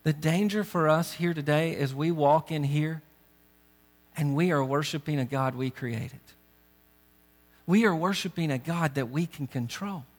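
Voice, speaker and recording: Male pastor, earnest and urgent, slightly high voice, sermon with a ringing hall. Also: measured pace. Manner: earnest, urgent preaching with direct questions to the congregation. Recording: long reverb of a big hall.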